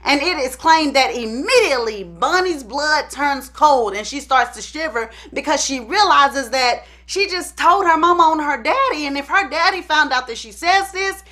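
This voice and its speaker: Chatty lady doing storytime, high bright voice, lots of "you know". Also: expressive, normal speed, few pauses. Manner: chatty, asides to viewers. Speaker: storytime channel host. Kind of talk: casual storytime narration.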